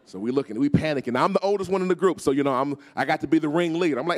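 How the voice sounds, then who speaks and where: A man's voice: fairly high pitch, very fast, few pauses. A man preaching a storytelling sermon as guest speaker, acting out voices and calling on the congregation to respond. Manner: animated, acts out voices, calls on the crowd.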